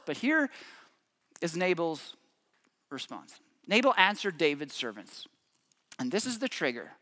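A man preaching a sermon, retelling a story with lively, acted-out quotes. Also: high-pitched, normal speed, in a large hall. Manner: animated storytelling, acts out quotes. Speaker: pastor.

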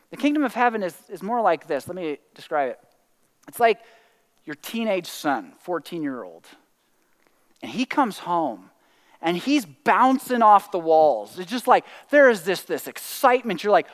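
With a high voice at a moderate pace, this pastor delivers a sermon that sounds like it's in a big room. He keeps it conversational, peppering it with "like" and "right?" and occasionally letting out excited whoops.

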